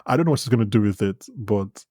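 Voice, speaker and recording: A man's voice: on the low side, lively intonation, fast talker, mellow, dry recording, clean studio sound. A man co-hosting a podcast, chatting casually about a TV episode with frequent restarts and easy laughter. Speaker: podcast co-host. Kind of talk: casual TV recap chat.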